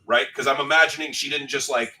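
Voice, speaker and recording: A man's voice: mid-range voice, steady tone, fast, sharp tone. A man hosting a livestream in casual chat, rambling and swearing as he reads out viewers' comments. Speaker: livestream host. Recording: distant mic with faint background music.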